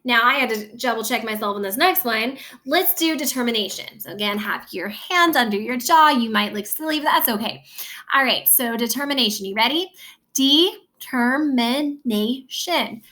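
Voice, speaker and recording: A woman teaching a recorded lesson, patiently guiding students and stretching words slowly to show which syllables are stressed. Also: fairly high pitch, expressive, sharp tone.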